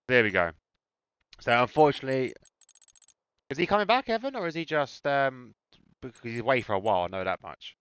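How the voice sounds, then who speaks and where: A man's voice: mid-range voice, sing-song, fairly quick, pauses often, fairly bright tone, clean tone, no echo. A man in a put-on Irish accent, giving casual, sweary, teasing commentary on a sim racing league. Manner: banter-heavy, sweary, teasing drivers.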